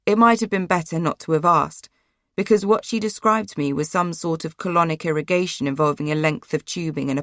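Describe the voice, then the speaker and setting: A woman reads a first-person memoir in a low, measured, subdued voice. The sound is close and completely dry, like a treated audiobook booth. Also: no room sound. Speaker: audiobook narrator.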